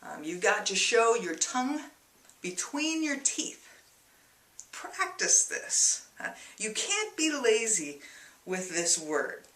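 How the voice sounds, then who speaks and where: A woman teaching English to learners, slowly and patiently, repeating and spelling out words, heard a little off-mic in an echoey room. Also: mid-range voice, very animated, fairly bright tone, distant mic. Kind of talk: slow English lesson for learners.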